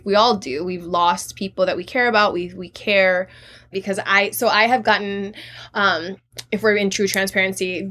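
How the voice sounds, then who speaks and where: A woman's voice: medium pitch, fairly bright tone. A woman guest in a casual podcast chat, candid and earnest, telling personal stories and acting out what others said. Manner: candid, earnest, tells personal stories, acts out quoted dialogue.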